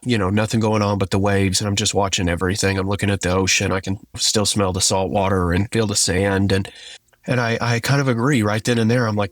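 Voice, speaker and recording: A man with a drawl recounts a personal story, earnest and halting, leaning on "like" as he goes. His voice sits fairly low. Soft music plays faintly behind him. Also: little pitch movement, dry recording. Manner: earnest and halting, many "like" fillers. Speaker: guest sharing his testimony.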